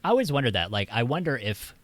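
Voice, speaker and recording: A man with an American accent, hosting a casual stream chat in a relaxed, rambling way with many fillers. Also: mid-range voice, fast, dry recording. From United States. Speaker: streamer host.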